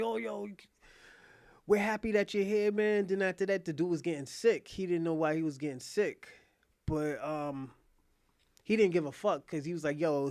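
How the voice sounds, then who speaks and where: A man's voice: a little high, no echo, clean studio sound. A man streaming from home, casually retelling a drama in slangy, profane, rambling talk full of fillers. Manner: slangy, profane, loose storytelling with many fillers. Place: at home, indoors.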